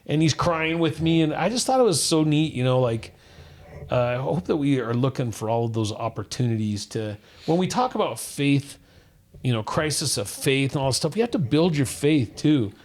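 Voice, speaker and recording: A middle-aged man from Utah tells a personal story on a podcast. He talks earnestly and at length, circling back with many restarts and fillers, at an ordinary mid pitch. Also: lively intonation, moderate pace. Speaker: podcast co-host. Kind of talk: casual chat, personal story.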